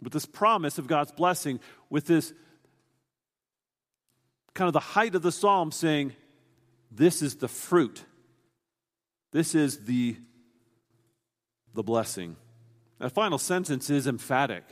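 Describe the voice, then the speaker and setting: A man's voice: on the high side, expressive, takes it slowly, pauses often, big-room sound. A man preaching a sermon, explaining a scripture passage in an earnest, teaching way, often restarting his sentences.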